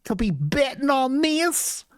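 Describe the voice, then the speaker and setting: A man putting on a high, prissy voice to mock a pious woman who scolds others about betting. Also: very animated, slow pace, full character voice. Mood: mocking prim. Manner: prissy mocking falsetto.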